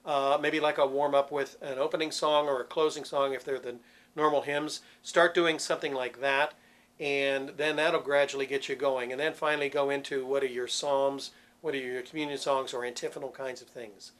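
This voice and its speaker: A man teaching church cantors vocal warm-ups, explaining patiently and demonstrating sounds. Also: medium pitch, flat delivery, normal speed. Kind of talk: instructional talk with sung demonstrations.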